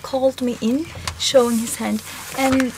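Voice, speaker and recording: Woman, high voice, unhurried, halting first-person recollection, faint hiss behind. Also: fairly even intonation. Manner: slow, halting storytelling with pauses. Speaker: symposium speaker. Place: concert hall.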